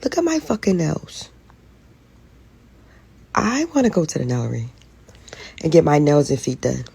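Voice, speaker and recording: A woman's voice: low-pitched, huge pitch swings, normal speed, creaky, mellow, husky. A woman venting to camera in a weary, profane way about being tired of adult life.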